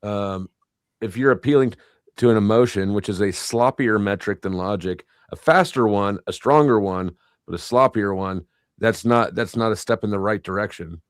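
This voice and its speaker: Brief: man panelist, low voice, dry close sound, blunt and rambling. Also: moderate pace, no echo. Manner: blunt, profane, rambling restarts. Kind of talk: casual panel chat.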